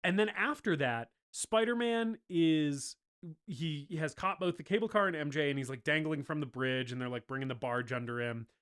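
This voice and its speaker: A man's voice: fairly high pitch, moderate pace, fairly bright tone, clean tone. A man co-hosting a movie podcast, talking casually and acting out scenes from the film in voices. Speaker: podcast co-host. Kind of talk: casual movie review chat.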